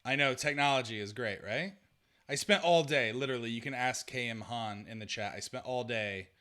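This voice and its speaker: A man's voice: medium pitch, moderate pace, sharp tone. A man hosting a live-streamed podcast, chatting casually and sorting out technical trouble aloud. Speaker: podcast host.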